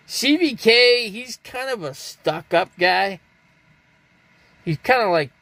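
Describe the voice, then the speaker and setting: An older man from Scottsdale, Arizona hosts a live stream, rambling casually and reading viewers' chat comments aloud as he answers them. His voice is a little high and a bit bright.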